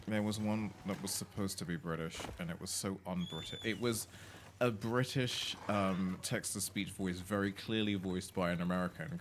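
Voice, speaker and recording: A man's voice: sits low, fairly even intonation, normal speed, a bit bright, a little hiss or hum. A British man streaming a cozy game, chatting casually and swearing freely while talking to his viewers and his pet. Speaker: livestreamer. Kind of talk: casual chat while gaming.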